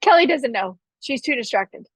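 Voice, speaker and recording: A woman's voice: sits high, animated, normal speed, slightly rough, no echo, rough recording. A woman co-hosting a fitness podcast in a casual chat, teasing and asking pointed questions. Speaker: podcast co-host.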